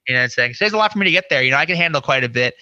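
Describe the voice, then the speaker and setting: A man's voice: medium pitch, expressive, very fast, pushed and bright, no room sound, dull audio. A man guesting on a podcast, telling a story casually with lots of "you know" and acted-out inner quotes. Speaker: podcast guest, scare actor.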